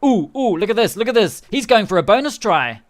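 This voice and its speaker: A man streaming a rugby management game live, chatting and commentating excitedly as the match plays out. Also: high voice, brisk. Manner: excitable, chatty, laughing often.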